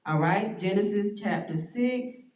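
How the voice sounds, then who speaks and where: A woman leading a church Bible study, reading verses slowly and stressing words, with frequent "all right" checks to the class. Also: mid-range voice, darkish tone. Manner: slow, drawn-out scripture reading with stressed words. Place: church room. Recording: roomy echo, distant mic.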